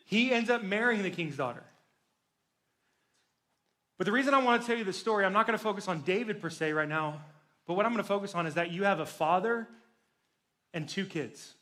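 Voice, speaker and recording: Animated young male youth pastor. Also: sits high, brisk, pauses often. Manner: casual, animated storytelling with jokes. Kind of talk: sermon to teens.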